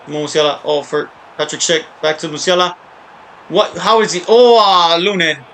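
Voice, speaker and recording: A man giving casual, rambling live commentary while playing a soccer video game, often breaking into excited shouts and cheers. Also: on the high side, moderate pace. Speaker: gaming YouTuber.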